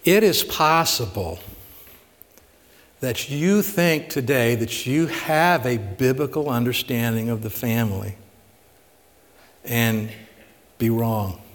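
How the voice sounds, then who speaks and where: A man's voice: mid-range voice, slow. Man preaching in a reverberant church hall. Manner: asks rhetorical questions, retells stories with emphasis. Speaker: pastor. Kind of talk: conversational sermon.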